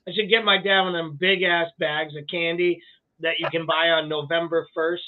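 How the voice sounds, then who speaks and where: A man's voice: on the high side, little pitch movement, normal speed, slight background noise. A man co-hosting a live podcast, bantering in a wry, joking way with casual swearing. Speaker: podcast co-host. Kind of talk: casual chat. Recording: tinny phone-like line.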